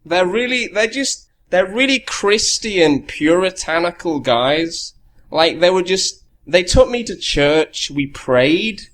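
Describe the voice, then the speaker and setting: A man with a fairly high voice on a podcast. He talks in a flat, deadpan way, trading crude sarcastic jokes with the others. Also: takes it slowly. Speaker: podcast guest. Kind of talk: crude casual banter.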